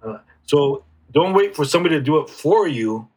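A man speaking as an interview guest, reflective and halting, with frequent restarts. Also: fairly high pitch, expressive, darkish tone, breathy edge. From United States. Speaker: guest healer. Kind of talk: casual conversational interview.

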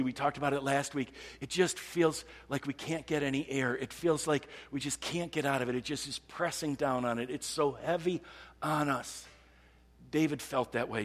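A man's voice: medium pitch, big-room sound. A male pastor preaching a conversational sermon, acting out the psalmist's words with rising emphasis.

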